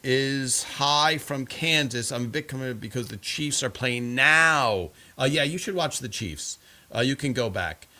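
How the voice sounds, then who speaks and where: A man's voice: mid-range voice, expressive, unhurried, bright, forceful tone. A man hosting a live stream, chatting casually and reading viewer comments in a rambling way full of fillers.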